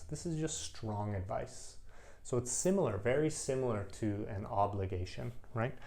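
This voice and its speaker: A man teaching an English grammar lesson, speaking slowly and emphatically and repeating each example sentence. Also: fairly low pitch, a little mellow.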